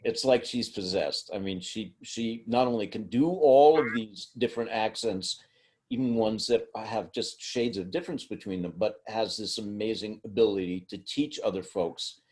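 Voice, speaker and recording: An older man, a guest on a video call, enthusiastic and warm-spoken. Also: fairly low pitch, moderate pace, poor audio. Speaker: guest, former cast member.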